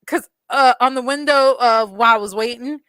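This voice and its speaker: Bright, blunt woman podcast host. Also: fairly high pitch, moderate pace, smooth, no room sound. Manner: animated, blunt, swears freely, acts out quotes. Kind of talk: casual storytelling chat.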